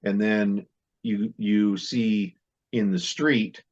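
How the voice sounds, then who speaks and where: Deep-voiced man on dull lo-fi audio. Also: steady tone. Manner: measured, emphatic, restarts often. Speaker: guest martial arts instructor. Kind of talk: interview answers.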